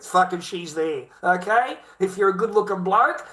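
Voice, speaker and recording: A man's voice: high voice, animated, normal speed, few pauses, pushed and bright, slight background noise, rough recording. Profane ranting Australian man. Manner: profane, rambling, heated. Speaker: vlogger. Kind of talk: casual rant to camera.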